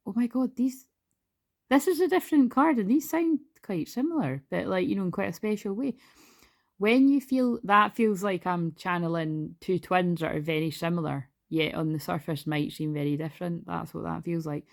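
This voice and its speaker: A woman with a lowish voice chats through a tarot card reading. She rambles, laughs often and swears freely, as if talking to her followers. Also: animated, normal speed, vocal fry, a little mellow. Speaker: tarot reader. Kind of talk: casual spiritual card reading.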